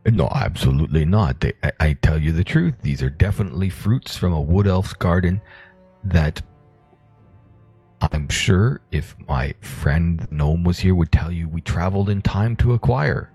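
An earnest, slightly odd adventurer, as a man puts him on, with a very deep, dark voice full of gravel and husk. He stammers and rambles as he pleads his case. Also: animated, normal speed, faint music behind, heavily acted.

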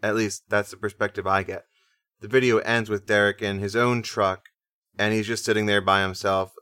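A man co-hosting a music podcast, casually explaining things in a relaxed way. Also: fairly low pitch, moderate pace, clear, resonant tone, no room sound, clean studio sound. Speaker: podcast co-host.

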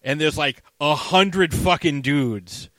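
A man casually recapping a movie scene with a co-host, animated and swearing freely. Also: on the high side, takes it slowly, no echo.

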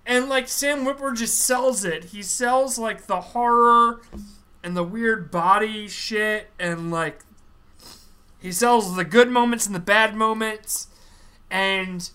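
A man hosting a podcast, recapping a TV series in animated casual chat, acting out quotes as he goes. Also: sits high.

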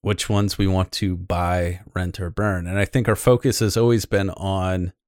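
This co-host of a casual gaming podcast, a man, meanders through his talk with plenty of fillers and restarts. His voice sits low with fairly even intonation and a darkish tone at a moderate pace. The studio-quality recording has no echo.

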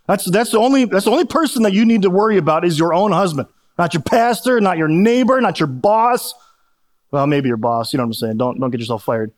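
Male pastor, middle-aged, preaching in a high, conversational voice with jokes and restarts. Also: expressive, brisk. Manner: conversational, self-deprecating humor, repeats words when restarting. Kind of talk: sermon.

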